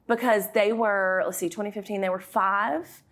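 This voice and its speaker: A woman in her thirties with a thick Southern American accent, a guest in a casual podcast interview, talking in a chatty, animated way. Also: medium pitch, moderate pace. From Southern United States. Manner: chatty and animated, acts out her own past lines. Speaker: guest, YouTube creator and business owner.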